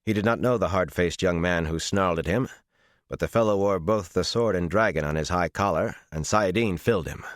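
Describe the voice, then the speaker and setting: Deep-voiced male audiobook narrator. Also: no echo, studio quality. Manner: measured, dramatic storytelling. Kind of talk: scripted fantasy audiobook narration.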